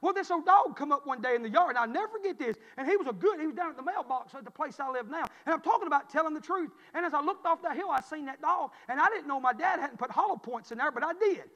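A man, preaching a sermon through a folksy personal story that swings from loud to hushed. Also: extremely high pitch, animated, fast talker, hardly any pauses, big-room sound. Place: church.

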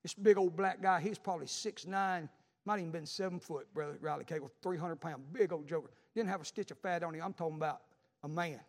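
Middle-aged male pastor, high-pitched, fervent, preaching in a reverberant church. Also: fast talker. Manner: fervent, builds to shouting. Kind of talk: sermon. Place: church sanctuary. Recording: long hall reverb.

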